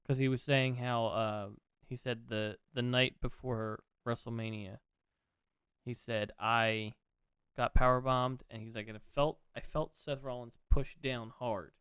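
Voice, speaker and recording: A man chatting casually on a podcast, rambling excitedly and swearing freely as he retells what he watched. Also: mid-range voice, a little slow, smooth, no echo. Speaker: podcast co-host. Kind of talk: casual chat.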